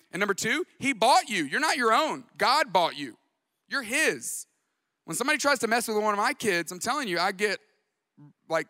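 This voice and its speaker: A man in his thirties preaching a sermon as pastor, conversational and jokey with quick asides. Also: high voice, pushed and bright, clean studio sound. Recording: long hall reverb.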